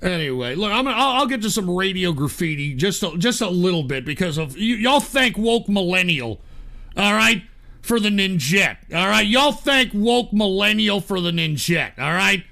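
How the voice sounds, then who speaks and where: A man's voice: high voice, very animated, moderate pace, creaky, bright, forceful tone. A man hosting a livestream, ranting angrily and cursing constantly, stammering through restarts. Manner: profane, angry ranting. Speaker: livestream host.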